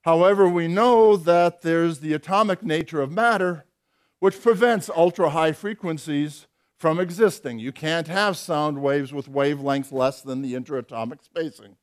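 A man's voice: on the high side, moderate pace. An older man giving an academic physics lecture, explaining step by step with dry, wry humour and occasional hesitant fillers.

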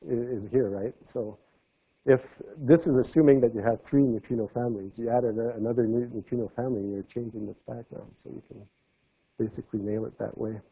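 A man giving an academic seminar talk, explaining step by step and letting his voice drop softly at the ends of phrases. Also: medium pitch, steady tone, fairly quick, creaky, slightly rough, rough recording. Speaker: lecturer.

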